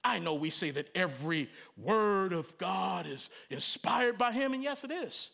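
Animated high-voiced male preacher. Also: moderate pace, vocal fry. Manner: animated, humorous, conversational preaching with sudden loud cries. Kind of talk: sermon.

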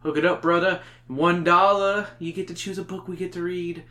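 A man's voice: high voice, fairly even intonation, normal speed, sharp tone. Chatty upbeat male podcast host. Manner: chatty, upbeat, rambling with restarts. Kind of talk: casual podcast chat.

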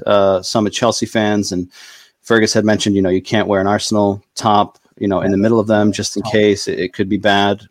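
Low-pitched male guest, thinks out loud, steady and filler-heavy, dry close recording. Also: no room sound. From United States. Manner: measured, thoughtful, many fillers. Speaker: podcast guest. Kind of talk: casual chat.

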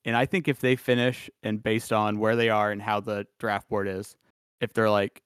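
A man's voice: lowish voice, steady tone, normal speed, smooth, dry recording. Easygoing man on a dry close mic. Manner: rambling, laughs at himself. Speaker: podcast co-host. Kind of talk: casual sports chat.

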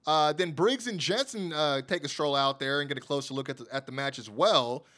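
A man's voice: on the high side, a little fast, sharp tone. A man hosting a podcast, chattily recapping wrestling shows with lots of fillers and laughs at his own jokes. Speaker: podcast host. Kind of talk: casual wrestling show recap.

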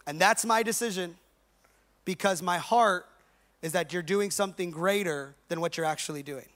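A man's voice: high-pitched, moderate pace, a bit bright. A male pastor preaching a conversational, joking sermon in slangy everyday talk to a live congregation. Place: church service with a live congregation.

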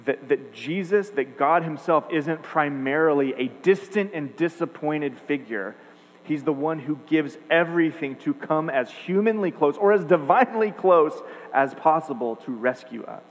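A man's voice: fairly high pitch, animated, normal speed. A man preaching a sermon, earnest and emphatic, building points with repeated phrases. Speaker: pastor. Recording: echoey hall, faint hum.

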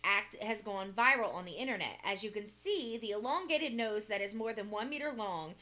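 A woman's voice: mid-range voice, lively intonation, moderate pace, bright, forceful tone. A woman co-hosting a casual podcast chat, reading an article aloud and breaking off with dry asides.

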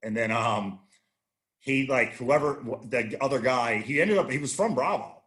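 A man's voice: medium pitch, animated, normal speed, fairly bright tone. A man in his thirties, a guest on a casual chat show, telling rambling, profane stories with many restarts. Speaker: podcast guest, army veteran.

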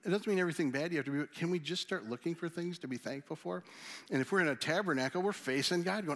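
Animated man preaching. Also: fairly high pitch, fast talker. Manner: animated, conversational preaching with acted asides. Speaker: pastor. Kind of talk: sermon.

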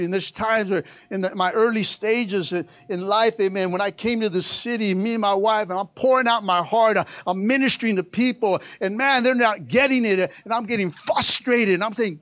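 A middle-aged man preaching a sermon as pastor, swinging between quiet asides and loud rallying shouts, joking with the congregation. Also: high-pitched, normal speed, hardly any pauses, no echo.

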